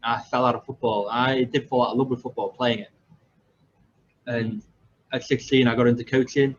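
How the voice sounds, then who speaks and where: A man's voice: medium pitch, little pitch movement, moderate pace. Rambling young English man, lo-fi. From England. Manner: rambling, self-deprecating, many fillers and restarts. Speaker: podcast host. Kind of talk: casual storytelling. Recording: slightly dull lo-fi audio with faint background noise.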